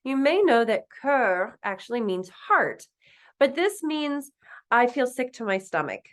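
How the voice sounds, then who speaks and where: A woman teaching a recorded French lesson, patiently explaining and repeating phrases slowly. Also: on the high side, sing-song.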